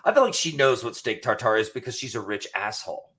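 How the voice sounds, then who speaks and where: A man's voice: medium pitch, expressive, quick pace, pushed and bright. A man co-hosting a casual horror film discussion, joking around and swearing freely. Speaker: co-host.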